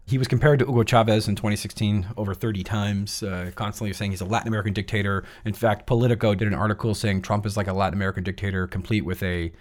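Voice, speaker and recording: A man co-hosting a political podcast, reading out quotes in a brisk, sardonic way. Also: fairly low pitch, fairly even intonation. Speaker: podcast co-host. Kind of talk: political commentary chat.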